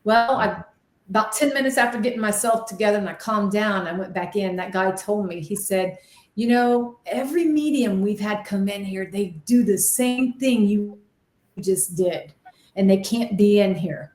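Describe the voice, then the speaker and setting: This medium and ghost hunter is a guest in an interview, recounting her experiences in an excitable, lively way and acting out remembered voices with drama. Her pitch is medium, her pace normal, and the room around her echoes.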